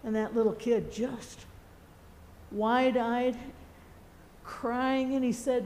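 Woman preacher, slow and gentle, reflective storyteller. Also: a little high, steady tone. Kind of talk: sermon storytelling.

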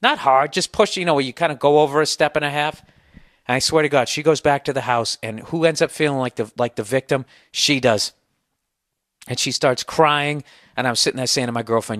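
Man in his 40s, from the US, podcast host, slightly hoarse, swearing rant, dry close mic. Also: medium pitch, fairly quick, a bit bright, no room sound. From United States. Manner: profane, rambling storyteller, incredulous. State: sore throat, slightly hoarse.

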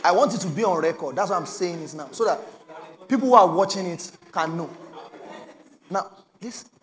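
A young adult Nigerian man preaching a sermon as pastor, telling stories with bursts of shouting and laughter. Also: high voice, animated, fairly quick, slight background noise.

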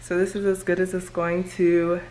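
Fast-talking young woman vlogger. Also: lowish voice, monotone, darkish tone, reverberant. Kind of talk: casual vlog chat to camera. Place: her bedroom at home.

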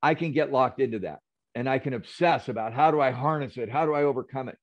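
An earnest, reflective man talks as a guest on an interview, telling a story and speaking with quiet conviction. His voice sits at a middle pitch. It comes over a video call, and the audio is dull and lo-fi. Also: fast. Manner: earnest, reflective, tells stories with quoted dialogue. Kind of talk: interview conversation.

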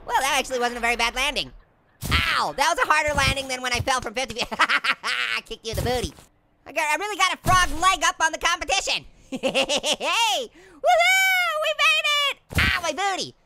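A man's voice: very high-pitched, sing-song, normal speed, gravelly, heavily acted. A man voicing a hyper, giggly talking orange that makes puns while commenting on a game. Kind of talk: gameplay commentary. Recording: noisy recording.

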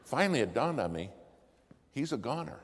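A man telling a story in a sermon, acting out the dialogue and swinging from hushed asides to loud exclamations. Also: mid-range voice, big pitch swings, a little fast. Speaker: preacher telling a testimony. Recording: long hall reverb, faint ambience.

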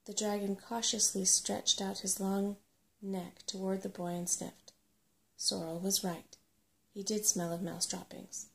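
A woman reading a bedtime story aloud in a soft-spoken ASMR style, gentle and unhurried. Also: mid-range voice, flat delivery, gravelly.

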